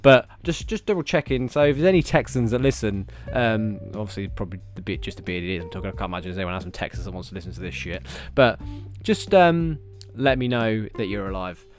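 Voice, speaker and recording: A man's voice: lowish voice, fast talker. Guy late 30s, swears nonstop on his solo podcast, rambly and fired up, bit of music faint behind. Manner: swears heavily, rambling and animated. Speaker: podcast host. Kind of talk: casual solo podcast chat.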